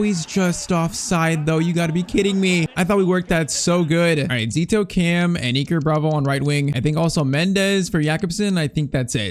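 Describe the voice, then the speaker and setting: A young man giving casual, excitable play-by-play of his own football video game, anxious and full of slang. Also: a little high. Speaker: gaming YouTuber. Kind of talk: casual gameplay commentary.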